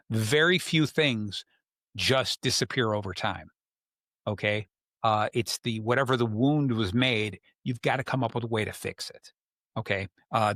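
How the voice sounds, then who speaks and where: A man hosting a podcast, calmly explaining advice and telling a story in a relaxed, conversational way. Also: lowish voice, dry recording, clean studio sound. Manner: calm, explanatory, tells stories. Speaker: podcast host. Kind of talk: casual coaching talk.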